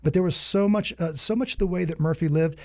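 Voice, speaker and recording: A man speaking as a podcast guest, rushing through animated stories with fervent, almost preacher-like conviction. His voice has a dark, gravelly grain and sits a bit high for a man. The sound is dry and close, with no room around it. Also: no room sound. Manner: animated storyteller, acts out quoted dialogue. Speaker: podcast guest, security company founder. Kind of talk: conversational interview.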